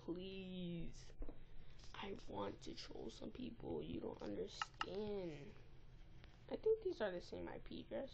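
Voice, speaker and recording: A woman giving casual, excitable and easily exasperated commentary while playing a game, recorded on a tablet's built-in mic. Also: medium pitch, slow, creaky, highs cut off, background noise. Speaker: gameplay recorder.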